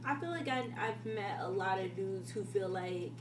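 A woman's voice: medium pitch, normal speed. A woman co-hosting a podcast in casual, profane chat, laughing easily. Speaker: podcast co-host. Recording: roomy, distant mic, loud hum.

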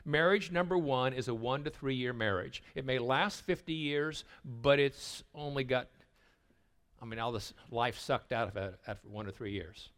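An older man giving a sermon at a retreat, telling stories and stumbling over repeated words as he begins a thought, sometimes dropping to a hushed voice. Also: mid-range voice, moderate pace. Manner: storytelling, dropping to a hushed voice for tender moments. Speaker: retreat speaker.

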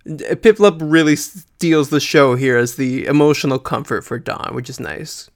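A man co-hosting a podcast in casual chat, chatty, filling pauses with ums and often laughing. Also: a little high. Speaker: podcast co-host.

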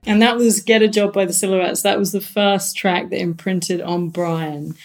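A woman's voice: medium pitch, fairly even intonation, normal speed, creaky, over music. A woman hosting an interview, asking questions and laughing readily. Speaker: host.

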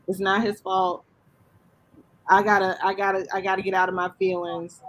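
A man's voice: high-pitched, fairly even intonation, moderate pace, a bit bright, poor audio. Earnest man telling his story. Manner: earnest storytelling, plain and direct. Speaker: guest. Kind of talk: casual chat.

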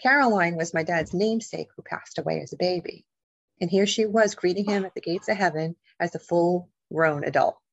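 A middle-aged woman, a guest author and paranormal investigator, telling a personal story in an animated, emotional way, acting out the voices of the people in it. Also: fairly low pitch, brisk, creaky, no echo, dull audio. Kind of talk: storytelling in a podcast interview.

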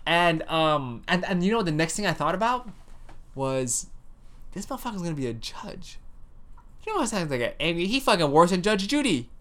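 An adult man hosting a relaxed, candid conversation. His voice sits a little high and he swears casually. He laughs often and acts out other people's words as he tells a story. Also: moderate pace. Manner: animated, profane, laughs often, acts out quotes. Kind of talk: casual chat.

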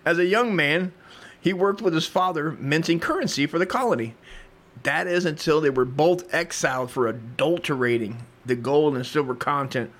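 A male comedy podcast host who reads history aloud and keeps breaking off into crude, rambling riffs. His voice sits somewhat high for a man, loose and profane throughout. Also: normal speed, fairly bright tone. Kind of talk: comedic history reading and riffing.

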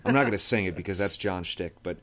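A man's voice: sits low, fast, a bit bright. A man hosting a casual sports podcast, joking around with lots of fillers and laughter. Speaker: podcast host.

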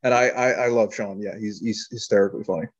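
A man with a lowish voice and fairly even intonation talks quickly about making his films. As a guest in a casual interview, he rambles through his stories and laughs often, and the audio sounds dull and lo-fi.

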